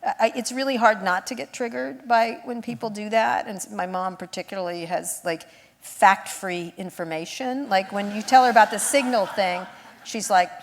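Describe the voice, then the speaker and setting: A woman's voice: mid-range voice, moderate pace, a little hiss or hum. A woman journalist talking as a guest on stage, telling blunt, sardonic stories and mimicking other people. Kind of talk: live on-stage conversation. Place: stage in an event hall.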